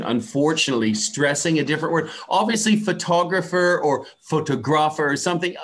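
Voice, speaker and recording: A man's voice: mid-range voice, fairly bright tone. A man from the USA, an English pronunciation teacher, patiently answering student questions on a video call. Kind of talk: answering questions in an online class.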